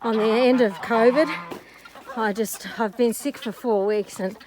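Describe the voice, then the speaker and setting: A breathless woman with a high voice trains her dog outdoors, snapping sharp calls and then muttering asides at an unhurried pace. It is outdoor phone video, and loud clucking fowl and honking geese fill the background. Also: steady tone, noisy background. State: breathless after illness. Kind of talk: casual vlog commentary. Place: outdoors on a farm among poultry.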